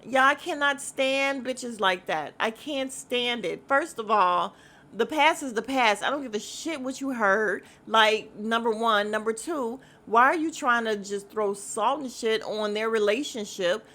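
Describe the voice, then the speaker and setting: Woman host, casual podcast chat: blunt, profane, animated, with a sharp, slightly high voice. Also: a little slow. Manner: animated, mimics voices of others in quotes. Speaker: podcast host recapping a reality show.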